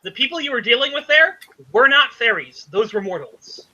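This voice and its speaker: A man running a tabletop game as game master, narrating haltingly with many fillers. His voice is high and sharply bright, and the audio sounds dull and lo-fi. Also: lively intonation. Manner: rambling, hesitant narration with fillers.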